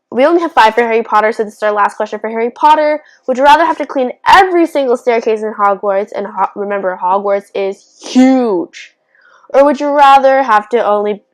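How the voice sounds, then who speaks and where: A young woman chatting casually on her own vlog, answering would-you-rather questions with quick restarts, giggly asides and frequent self-interruptions. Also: fairly high pitch, low-quality recording. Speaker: YouTuber.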